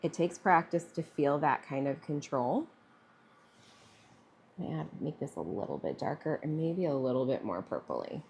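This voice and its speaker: Chatty, lower-voiced woman artist. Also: animated, normal speed, gravelly, darkish tone, slight background noise. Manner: chatty, thinking aloud with fillers. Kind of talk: live-streamed painting demo.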